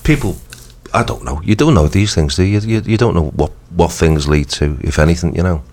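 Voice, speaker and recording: A man with a croaky voice, hosting a radio show and chatting casually, rambling with lots of ums and restarts. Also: deep voice, brisk, darkish tone. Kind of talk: casual chat.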